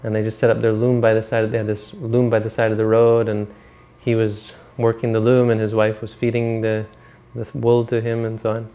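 A man giving a dharma talk, retelling a story in a relaxed, rambling way and correcting himself as he goes. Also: fairly low pitch, a little fast, hardly any pauses. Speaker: meditation teacher.

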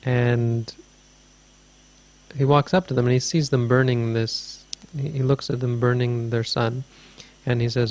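A man's voice: mid-range voice, flat delivery, unhurried, darkish tone. A man teaching as a Buddhist teacher, answering a question in a dharma talk with meandering, thoughtful storytelling.

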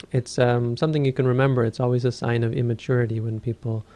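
Gravelly-voiced man giving a dharma talk. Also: medium pitch, little pitch movement, a little fast, warm tone, no echo. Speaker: Buddhist teacher.

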